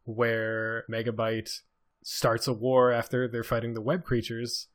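A man's voice: medium pitch, monotone, unhurried. A man co-hosting a casual podcast chat, teasing playfully and laughing as he talks. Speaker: podcast co-host.

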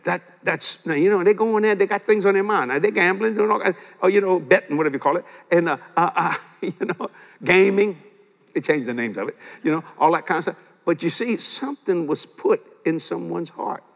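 An older man preaching a sermon, telling stories in a lively way with frequent chuckles and repeating his key points. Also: high voice, brisk, creaky. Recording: long hall reverb.

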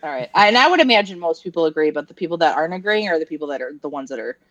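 A woman co-hosts a podcast and talks loosely in a chatty way, with lots of fillers. Her voice sits low for a woman. The recording sounds dull and muffled, dry and close. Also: animated, very fast, dry recording. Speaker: podcast co-host. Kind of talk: casual chat.

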